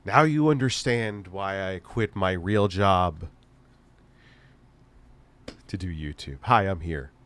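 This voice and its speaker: Hosting a live stream, a man tells a story in casual chat, swearing heavily and laughing through an animated delivery. His voice is low-pitched, and he takes it slowly with long pauses.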